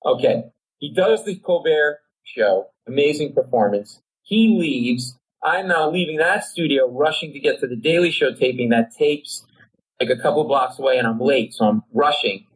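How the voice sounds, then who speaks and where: A middle-aged comedian telling a comic anecdote on a talk show, animated, acting out voices and his own panic. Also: medium pitch, normal speed, breathy edge, poor audio. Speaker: comedian guest.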